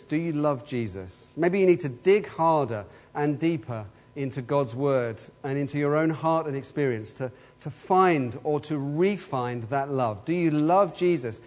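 A man's voice: on the high side, expressive, measured pace, darkish tone. A man preaching a sermon in an earnest way, asking the same questions again and again. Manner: earnest, repeats rhetorical questions. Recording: long hall reverb.

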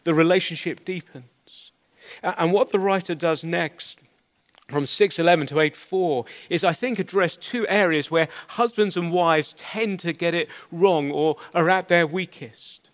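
Man, middle-aged, preacher, earnest, conversational, slightly high-pitched. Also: a little slow. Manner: earnest, conversational, with small stammers. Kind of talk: expository sermon.

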